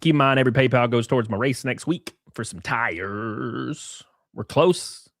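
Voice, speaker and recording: A man with a gravelly, medium-pitched voice hosts a live stream at a normal pace, reading tweets aloud. His commentary is animated, sarcastic and profane, and he keeps calling everyone "brother." The recording is studio quality with no room sound.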